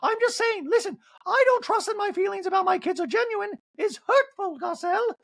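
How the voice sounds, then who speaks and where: A man putting on a shrill, wounded grown woman. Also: lively intonation, a little fast, creaky, fairly bright tone, full character voice. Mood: shrill pleading. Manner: very high, strained, pleading.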